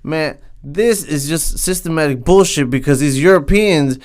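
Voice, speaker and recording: Young man, podcast host, profane rant, heated, smooth voice, slightly high. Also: moderate pace, hardly any pauses, darkish tone. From Southern California. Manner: heated, swears constantly, says "man" a lot.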